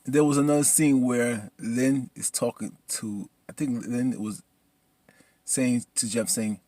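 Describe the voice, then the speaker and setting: A man casually recapping a TV episode in an excitable, colloquial way. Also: mid-range voice, slow, no room sound. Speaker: TV episode reviewer.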